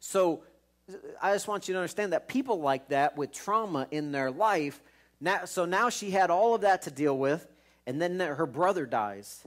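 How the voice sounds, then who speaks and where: A man's voice: on the high side, expressive, moderate pace. A man preaching a sermon as pastor, retelling scripture in a conversational way with frequent restarts and repeated words.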